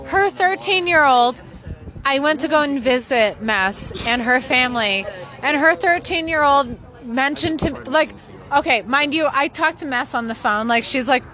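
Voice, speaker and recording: A woman's voice: sits high, animated, a little slow, bright, forceful tone. A woman telling a story emphatically with lots of fillers, chatting with friends on an outdoor patio. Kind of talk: casual chat.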